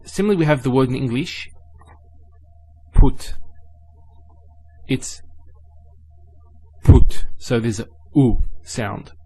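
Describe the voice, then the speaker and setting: A man's voice: medium pitch, lively intonation, a little mellow. Patient man teaching Arabic letter sounds. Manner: patient, repeats sounds slowly and carefully. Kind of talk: spoken lesson.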